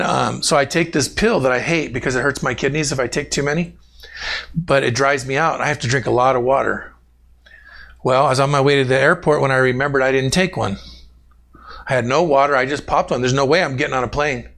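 A man's voice: medium pitch, gravelly. A man preaching a conversational sermon to his congregation, telling personal stories and calling on members by name. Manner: animated, talks directly to congregation members by name. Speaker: pastor.

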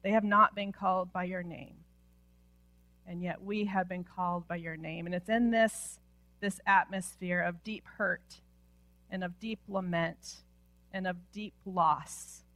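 Woman pastor preaching slow and heartfelt, trails off into near whispers, dry close sound. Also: on the low side, fairly even intonation, no echo. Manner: impassioned, drops to hushed near-whispers at phrase ends. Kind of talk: sermon. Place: church sanctuary.

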